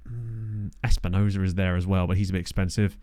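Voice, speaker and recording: A man's voice: low voice, steady tone, fairly quick, warm tone, no echo, studio quality. A young man giving chatty, jokey commentary while playing a game and thinking aloud. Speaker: gaming commentator. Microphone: studio desk mic.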